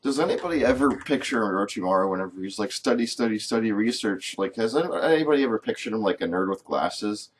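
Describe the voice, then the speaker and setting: A man's voice: on the low side, expressive, fast talker, hardly any pauses, slightly rough. A young man hosting a gaming channel, rambling and joking through let's-play commentary, self-deprecating. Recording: faint game music behind.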